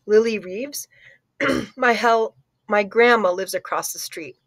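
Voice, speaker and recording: A woman's voice: medium pitch, takes it slowly, a bit bright. A woman reading as a shy young girl in an audiobook, hesitant with fillers. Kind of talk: audiobook character voice.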